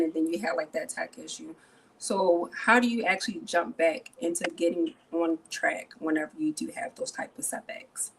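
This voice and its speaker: A woman co-hosting a panel, asking the guest questions in a relaxed, friendly way. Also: fairly low pitch, slight background noise, low-quality recording. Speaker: panel co-host. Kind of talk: casual panel interviewing.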